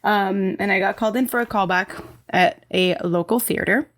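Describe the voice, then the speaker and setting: A woman co-hosts a casual podcast with a relaxed, mid-pitched voice. She laughs along with her partner and tells stories by quoting what she said. Her talk is loose and conversational. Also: normal speed. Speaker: podcast co-host. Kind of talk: casual storytelling chat.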